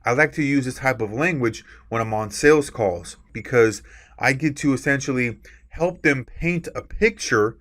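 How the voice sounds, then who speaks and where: A man's voice: mid-range voice, fairly bright tone. Man giving an emphatic recorded lecture. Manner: explains with examples, frequent tag "right?"; stresses key words deliberately. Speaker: course instructor.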